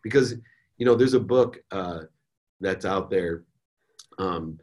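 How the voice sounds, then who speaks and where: A middle-aged man speaks as a guest on a podcast, recounting his own life lessons. His voice sits on the low side, and his delivery is candid and animated, with casual words like "man" and "dude" scattered through it. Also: slow pace. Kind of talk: personal storytelling in an interview.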